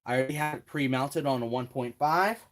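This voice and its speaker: A man's voice: mid-range voice, a little fast. A man hosting a hands-on build tutorial, chatting casually and talking himself through each step with self-deprecating asides, at a home workbench. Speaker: RC hobby tutorial host.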